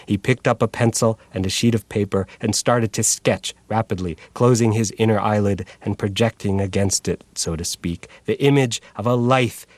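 A man's voice: fairly low pitch, dry recording. Man reading literary prose. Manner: steady literary narration. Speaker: author. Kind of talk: audiobook reading.

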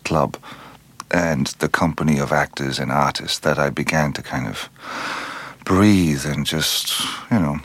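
An Irish-born man with a very deep voice talks through an interview in a reflective, unhurried way. He often restarts and lets phrases trail off. The sound is dry and close. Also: a bit bright, no echo. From Ireland. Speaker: actor, interview guest.

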